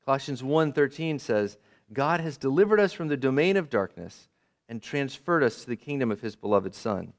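Animated preaching man with lively pitch. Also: moderate pace. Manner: emphatic, conversational preaching with rhetorical questions. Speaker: pastor. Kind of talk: sermon.

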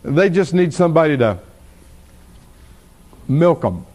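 A man preaching a sermon, teaching in an unhurried, expressive way and asking his listeners rhetorical questions. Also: a little high, a little hiss or hum.

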